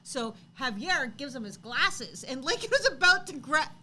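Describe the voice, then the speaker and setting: A woman in her thirties co-hosts a casual livestream chat. Her voice is bright and pitched a little high. She tells stories with animated energy and gets loud when she acts out what people said. A faint hiss runs behind her. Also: normal speed. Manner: animated storytelling, acts out quotes loudly. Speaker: co-host.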